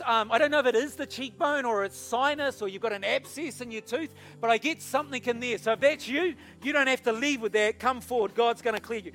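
A man, a pastor, leading an altar call and prayer in a church service, hushed at times and urging at others. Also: very high-pitched. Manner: soft and hushed while praying, rising to loud urging. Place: church service with music behind.

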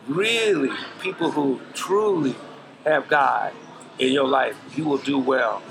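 A man's voice: mid-range voice, takes it slowly, vocal fry, noisy background. A middle-aged man, a podcast guest, giving earnest, preachy life advice in casual talk full of slang. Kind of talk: casual interview chat.

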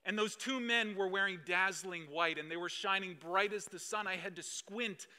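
A man's voice: sits high, moderate pace. Man telling an intense first-person monologue. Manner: emotional, intense, swings between hushed and loud. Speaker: dramatic storyteller.

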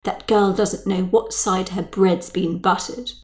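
A woman puts on the voice of a self-pitying, snobbish middle-aged mother from a spoken storybook, whining and grumbling in a plaintive tone that climbs high. Her complaints come in a middle pitch that often peaks upward, with fairly even intonation, a slightly slow pace, and light acting.

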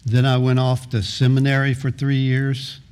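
A man's voice: mid-range voice, completely flat delivery, moderate pace, a little mellow, clean tone. A middle-aged man preaching a sermon as pastor, earnest, often repeating words and restarting phrases, sometimes half-singing lines of a hymn.

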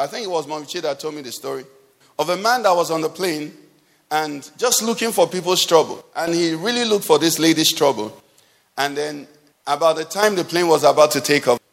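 A man's voice: a little high, expressive, brisk, creaky, fairly bright tone. A man preaching a sermon, asking the congregation rhetorical questions with emphasis. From Nigeria. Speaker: pastor. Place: church hall. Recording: long hall reverb.

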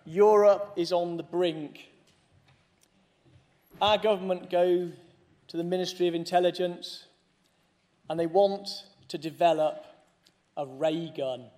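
A man's voice: sits high, steady tone, slow, pauses often, warm tone. A man giving a conference keynote speech, mixing serious points with humorous asides to the audience. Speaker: conference speaker.

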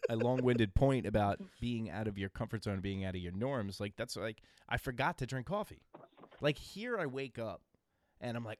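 A man's voice: on the low side, a little fast, no echo. A man telling rambling, profane stories in a casual podcast chat. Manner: rambling, profane, animated storytelling. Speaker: podcast co-host.

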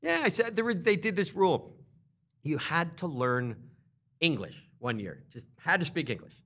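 A man chatting casually, telling animated stories and mimicking other people, laughing often as he talks. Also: fairly high pitch, normal speed. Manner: animated storyteller, mimics others in put-on voices; laughs often while talking. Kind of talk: casual chat.

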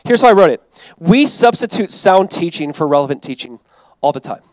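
A man's voice: a little high, expressive, brisk, no echo, low-quality recording. A man pastor preaching a sermon in a conversational, emphatic way, often acting out quoted lines.

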